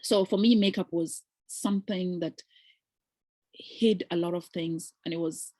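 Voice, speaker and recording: Woman coach telling her story to the camera, husky voice, dry close sound, acts out the other voices. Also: lowish voice, fairly even intonation, unhurried, darkish tone, dry recording. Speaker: relationship coach.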